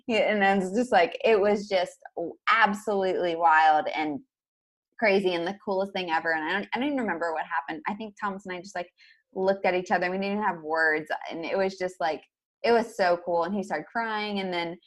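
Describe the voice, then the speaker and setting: A young woman telling a story as a podcast guest, in a rapid, casual way full of fillers like "like". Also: lowish voice. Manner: rapid, filler-heavy, peppered with "like".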